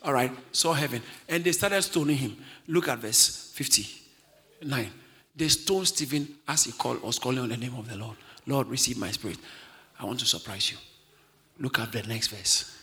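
A male preacher delivering an emphatic sermon, often shouting and getting the congregation to repeat lines. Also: medium pitch, animated, normal speed. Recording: long hall reverb.

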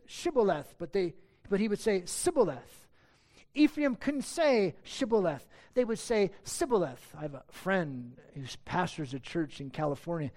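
A man's voice: fairly high pitch, darkish tone. A pastor preaching a sermon to his church, earnest and emphatic, asking many rhetorical questions.

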